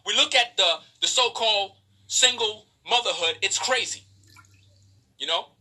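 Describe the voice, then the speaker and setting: A man's voice: high-pitched, a little slow, bright, forceful tone. A man preaching a profane, emphatic livestream sermon to women, scolding and mocking them. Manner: preachy, profane, emphatic, mocks others in quoted voices.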